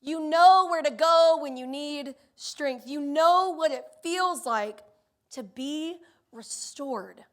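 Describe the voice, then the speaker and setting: A woman in her thirties preaching a sermon, telling stories in an animated way and acting out the voices of the people in them. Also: sits high, slow. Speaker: pastor.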